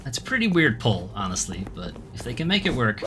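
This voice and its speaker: A man's voice: mid-range voice, very animated, a little fast, bright, forceful tone, a little hiss or hum. A man streaming a game demo, giving casual commentary full of sarcastic, wry asides.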